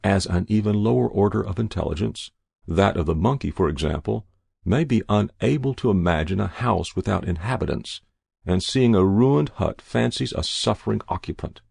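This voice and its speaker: A man reading a gravelly, calm captured spy. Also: lowish voice, dry recording, clean studio sound, full character voice. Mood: calm, reasoning. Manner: measured, reasoning, then pleading. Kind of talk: audiobook reading.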